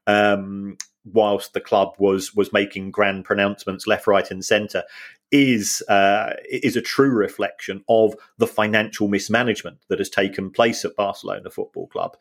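A man co-hosting a football podcast, talking things through in a measured way with many fillers and restarts. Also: lowish voice, level tone. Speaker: podcast co-host. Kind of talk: casual football finance chat.

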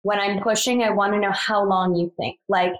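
A woman's voice: normal speed, low-quality recording. Chatty woman telling a story animatedly. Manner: animated, acts out quoted lines with higher pitch, frequent fillers. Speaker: guest telling her birth story. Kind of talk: casual conversational storytelling.

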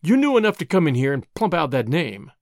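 A man's voice: on the high side, sing-song, a little fast, dry recording, studio quality. A man reading an audiobook, voicing a bullying middle-aged businessman who snarls out his suspicious questions. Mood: angry. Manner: snarling, forceful, impatient.

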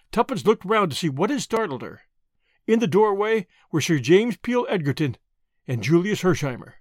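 Male podcast storyteller, expressive audiobook narration, high-ish voice, dry studio sound. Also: dry recording. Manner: expressive, dramatic reading.

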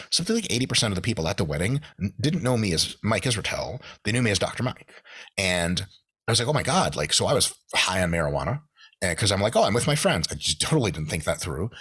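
A man's voice: lowish voice, slightly rough. A man with an American accent telling stories as a podcast guest, swearing often and acting out quotes in shifted voices. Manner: animated, profane, acts out quotes in shifted voices. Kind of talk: casual storytelling.

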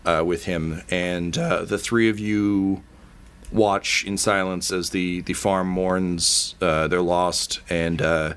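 Halting low-voiced game master narrating. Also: male voice, fairly even intonation, a bit bright, clean tone. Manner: hesitant, many ums, casual swearing.

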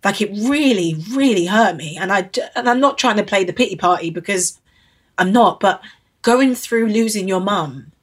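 A woman's voice: mid-range voice, normal speed, husky. A woman in her thirties from Britain, speaking as an interview guest, earnest and emotional, repeating phrases for emphasis. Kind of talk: candid interview.

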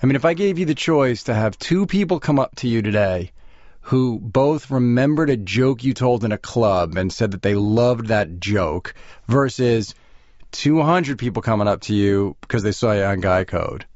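A man's voice: mid-range voice, expressive, a little mellow, no room sound. Male interview host, stop-start phrasing, dull dry recording. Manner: halting, repeats words while thinking. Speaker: podcast host. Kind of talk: casual interview conversation.

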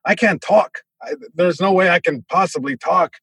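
Telling a casual story as a podcast guest, a young comedian plays the other characters with abrupt loud outbursts. His voice is husky and a little high, moving at a moderate pace, and the dry recording sounds close with no room around it.

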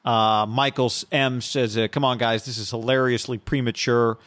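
A podcast co-host with a medium-pitched voice talks at normal speed on a casual sports podcast, with no room sound. He reads viewer comments aloud in a flat run and then discusses them.

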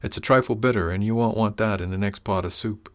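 A man voicing a kindly, wry older woman who works as an herbalist, speaking in a gentle, reassuring way. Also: fairly low pitch, quick pace, lightly acted.

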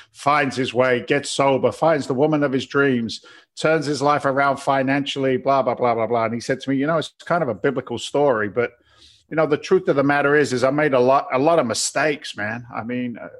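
A middle-aged man from England speaks as an interview guest in a loose, candid way. He is self-deprecating and keeps restarting his sentences with fillers. His voice sits at an ordinary pitch. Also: fairly bright tone. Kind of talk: casual interview chat.

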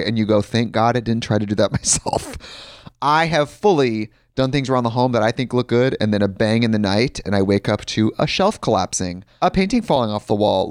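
A man's voice: medium pitch, no echo, studio quality. A man reading a sponsor ad in a chatty way, mixing in personal stories. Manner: chatty, anecdotal. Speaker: ad reader. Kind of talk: casual ad read.

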